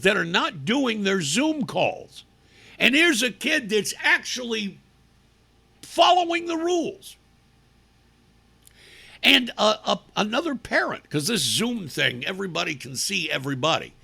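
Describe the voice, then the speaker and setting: Indignant talk host with a raspy edge. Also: male voice, sits high, sharp tone. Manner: sarcastic, indignant, emphatic. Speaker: radio talk show host. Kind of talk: opinionated talk radio commentary.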